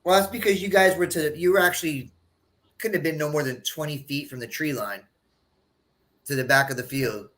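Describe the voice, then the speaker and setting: A man's voice: a little high, brisk, a bit bright. A man in casual livestream chat, rambling and repeating phrases as he tells a story.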